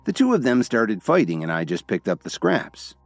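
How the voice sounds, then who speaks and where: A man's voice: lowish voice, huge pitch swings, normal speed, gravelly, no room sound, soft background music, voice pushed up, exaggerated voice. A man voicing a modest young man who plays down his own deeds. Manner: modest, understated.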